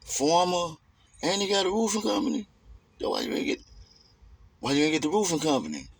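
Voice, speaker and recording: A man's voice: high voice, very animated, brisk, slightly rough, dry recording, voice pushed up, full character voice. A man putting on the voice of an incredulous man who keeps pressing someone with questions about what he did with his inheritance.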